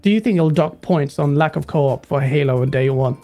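Host reading super chats. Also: male voice, fairly high pitch, brisk, mellow, faint music behind. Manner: reads out super chats, asks guests questions. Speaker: stream host. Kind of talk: casual live-stream chat.

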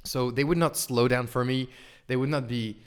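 A man's voice: mid-range voice, normal speed, clear, resonant tone. A man in his twenties with a French accent, chatting as an interview guest. He tells stories animatedly, with a mid-range voice, lots of fillers, and repeated false starts. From France. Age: 20s. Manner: animated storyteller, frequent fillers and restarts. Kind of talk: casual interview chat. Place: indoors over wine.

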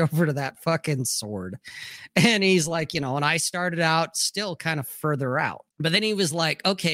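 A man's voice: on the high side, fairly bright tone, no echo, clean studio sound. A man co-hosting a casual chat show, telling a rambling, profane story. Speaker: co-host.

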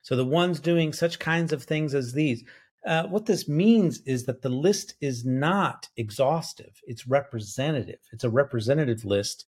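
A man walks through Greek grammar in a Bible study podcast. He thinks out loud, pauses on fillers and corrects himself mid-sentence. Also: mid-range voice, slightly rough. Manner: lecturing, self-correcting, thinks aloud with fillers. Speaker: biblical scholar co-host. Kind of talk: academic bible study discussion.

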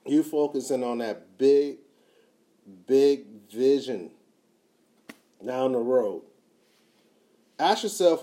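A man giving a motivational talk, emphatic and repetitive, swinging from quiet to loud. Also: medium pitch, takes it slowly, pauses often. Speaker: motivational speaker.

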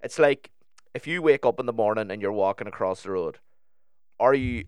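A man's voice: medium pitch, a little fast, clear, resonant tone, dry recording, clean studio sound. A man in casual podcast chat, talking candidly and swearing freely as he tells personal stories.

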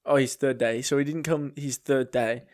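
A man's voice: mid-range voice, fairly even intonation, normal speed. A young man in casual podcast chat, swearing and laughing through a work story. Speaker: podcast co-host.

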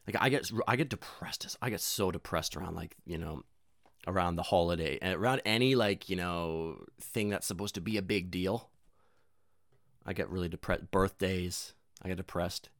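A man's voice: low-pitched, steady tone, normal speed, no room sound, clean studio sound. A young man rambling casually and profanely in a self-deprecating monologue, full of fillers and restarts.

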